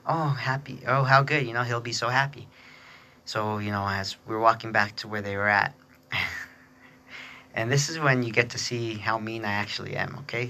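A man tells a personal story on his podcast in loose, chatty fashion, laughing as he goes and pitching his voice up to mimic others. His voice sits a bit low but sounds bright and forceful. A faint noise floor hums under the recording. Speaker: podcast host. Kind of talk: casual storytelling.

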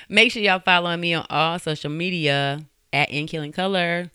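A woman host rants through her true-crime podcast, blunt and profane, breaking into laughing asides. Her voice is bright and crisp. It is recorded close and dry. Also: on the low side, measured pace, dry recording. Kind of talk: casual true-crime commentary.

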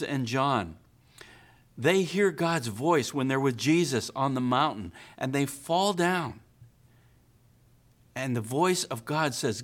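Earnest male pastor preaching. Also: on the high side. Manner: earnest preaching, questions to listeners. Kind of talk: sermon.

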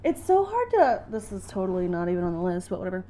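A woman's voice: on the low side, sing-song, fast talker, dark tone, slight background noise. A woman co-hosting a podcast in casual chat, laughing often. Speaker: podcast co-host.

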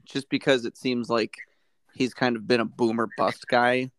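A man's voice: mid-range voice, level tone, normal speed, no echo. Thoughtful man musing aloud, dry sound. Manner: thoughtful, hedging, reasons out loud with fillers. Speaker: fantasy league podcast co-host. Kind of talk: casual chat.

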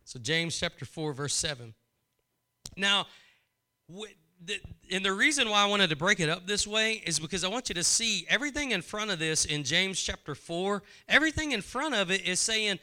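Male pastor, sermon delivery, crisp bright tone, fervent with repetition. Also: sits high, lively intonation, moderate pace. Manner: preaching with rising fervor and repeated phrases.

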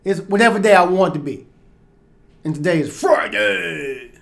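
A man with a fairly high, lively voice jokes and teases his co-host in a casual podcast chat. The recording is roomy, and his voice carries a clear echo. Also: normal speed. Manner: teasing, playful interjections.

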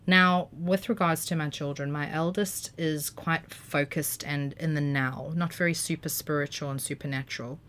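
A woman speaks as a podcast guest, spinning personal stories with lively, vivid detail and the odd swear word. Her voice sits low for a woman, with a deep, grounded tone. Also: moderate pace, few pauses, slight background noise. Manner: animated, vivid storyteller, casual swearing. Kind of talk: casual storytelling.

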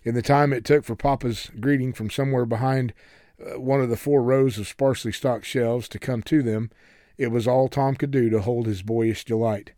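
A man reading a novel aloud as narrator in steady, measured storytelling. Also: mid-range voice, no room sound, studio quality. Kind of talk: audiobook narration.

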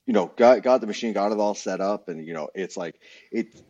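Young man, deep and husky, casual storyteller; dull lo-fi recording. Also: a little fast, dark tone. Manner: rambling storyteller, frequent restarts and swearing. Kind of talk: casual chat. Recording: dull lo-fi sound.

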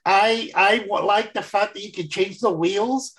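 A man's voice: high voice, unhurried, fairly bright tone, rough recording. A man co-hosting a podcast in casual chat, rambling and restarting his sentences and laughing often. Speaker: podcast co-host.

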